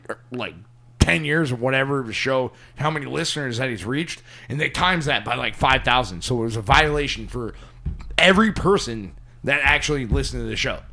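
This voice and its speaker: A man's voice: medium pitch, a bit bright. Rambling man in casual chat. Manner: halting, full of restarts and "like".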